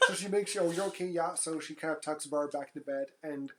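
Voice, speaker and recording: A woman's voice: low voice, moderate pace, slight background noise. A woman co-hosting a podcast in casual chat, blunt and casually swearing. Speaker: podcast co-host.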